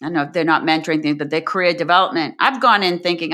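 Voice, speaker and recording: A woman's voice: fairly low pitch, steady tone, quick pace, bright, forceful tone. A woman scientist telling anecdotes in a chatty, conversational interview. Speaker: senior scientist.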